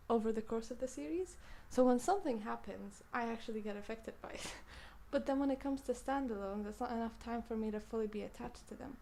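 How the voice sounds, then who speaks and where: Young female book reviewer, British-sounding accent, soft mellow timbre, playful rambling chat. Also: a little high. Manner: rambling, self-interrupting, playful. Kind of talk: casual chat.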